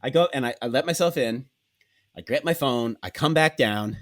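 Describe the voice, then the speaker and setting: A man hosting a podcast, telling a comic story in a profane, animated way and acting out the dialogue. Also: medium pitch, normal speed. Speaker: podcast host.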